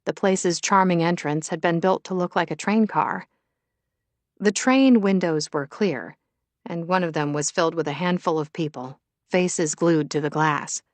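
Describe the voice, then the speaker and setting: Dry, low-voiced woman narrating. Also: measured pace, no echo. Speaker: audiobook narrator. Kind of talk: scripted narration.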